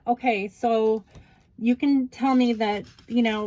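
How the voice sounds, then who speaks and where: A woman's voice: on the high side, steady tone, slow, dark tone, muffled recording. Rambling woman vlogger, chatty storyteller. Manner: rambling storytelling with many fillers. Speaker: crafting vlogger. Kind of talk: casual chat while journaling.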